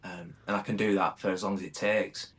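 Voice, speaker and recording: A man's voice: low-pitched, steady tone, brisk, a bit bright. A man in his thirties, a firefighter from the UK, talking candidly and reflectively as a podcast guest, calling the host mate. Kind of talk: casual conversation.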